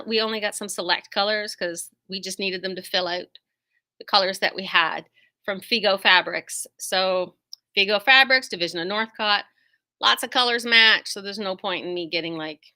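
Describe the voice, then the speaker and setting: A middle-aged woman who owns a quilt shop, chatting casually to viewers, wandering into tangents and poking fun at herself. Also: medium pitch. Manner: chatty, tangent-prone, self-deprecating, lively asides. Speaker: quilt shop owner and host.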